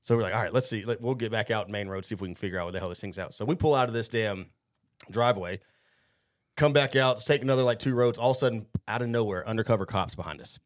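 Fast-talking, profane podcast host. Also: male voice, lowish voice. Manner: profane, rambling, animated storytelling. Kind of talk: casual storytelling chat.

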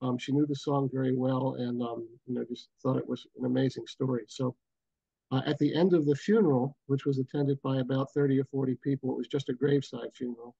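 A mellow, warm-voiced older man telling a story at an unhurried, reflective pace. The video call audio is dull and lo-fi, and the sound is dry and close. He pauses often as he recalls the details. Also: mid-range voice, steady tone, creaky, breathy edge, no echo. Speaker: guest, booking agent. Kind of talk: storytelling interview. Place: home, bridge view behind.

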